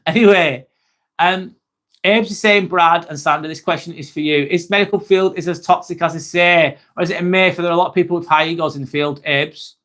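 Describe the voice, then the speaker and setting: A man's voice: fairly high pitch, fairly quick, fairly bright tone. A young man hosting a casual live stream, chatting to viewers, swearing now and then and calling people mate. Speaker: livestream host reading chat.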